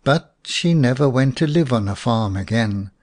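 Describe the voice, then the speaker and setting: A man narrating a folk tale audiobook in a slow, expressive storytelling voice. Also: medium pitch, dry recording, clean studio sound.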